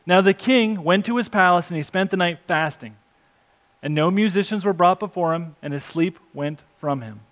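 A male pastor preaching an earnest sermon, reading scripture aloud, rising for emphasis and dropping soft. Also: high voice, moderate pace. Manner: self-deprecating asides.

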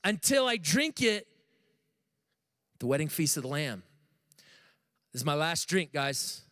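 Man, pastor, animated sermon, fairly high voice, questions to the congregation. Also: measured pace.

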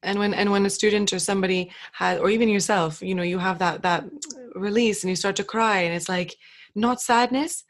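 A woman's voice: medium pitch, fairly even intonation, fairly quick. A woman hosting a podcast in casual chat, talking freely, laughing often and acting out little quoted lines. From England. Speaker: podcast host.

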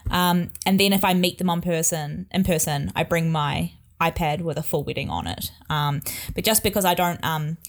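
Young woman, chatty photographer, lowish voice, loose fillers. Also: normal speed. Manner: chatty, many fillers and laughs. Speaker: wedding photographer. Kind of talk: casual podcast chat.

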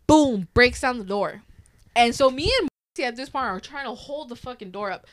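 A woman's voice: a little high, moderate pace, fairly bright tone. A woman in her thirties telling a story in casual chat. She swears freely and acts out the voices of the people in it. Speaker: podcast host.

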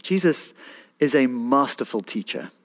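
A man preaching a sermon, animated and pleading, rising to emphatic peaks as he reads and explains scripture. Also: mid-range voice, measured pace. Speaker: pastor.

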